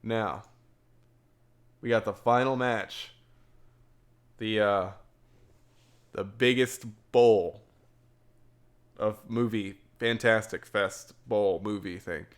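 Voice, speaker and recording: A young man hosting a casual livestream film review, excitable and rambling, repeating words and filling gaps with ums. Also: on the low side, slow pace, pauses often. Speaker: podcast host.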